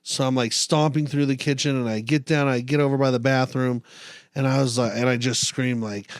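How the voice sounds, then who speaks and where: A man's voice: mid-range voice, steady tone, a little fast, no echo, clean studio sound. Profane storytelling young man. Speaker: podcast co-host. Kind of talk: casual chat.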